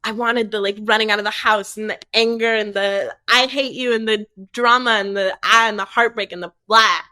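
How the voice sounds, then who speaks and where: Young woman songwriter talking loose w tons of "like"s, bright crisp voice, dry close sound. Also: medium pitch, steady tone, fairly quick, no room sound. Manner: rambling, many "like" fillers. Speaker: singer-songwriter guest. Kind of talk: casual podcast chat.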